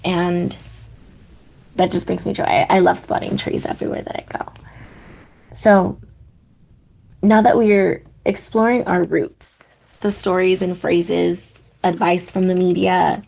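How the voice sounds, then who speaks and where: A young woman hosting a podcast, leading a guided meditation and reflective talk in a gentle manner, laughing softly at herself. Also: on the low side, steady tone, unhurried, creaky, long pauses. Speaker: podcast host.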